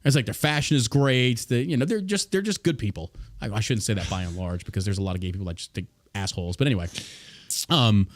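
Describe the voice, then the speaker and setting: A man's voice: fairly low pitch, lively intonation, fast talker. A man hosting a podcast, ranting in a profane, combative way. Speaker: podcast host. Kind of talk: casual podcast rant.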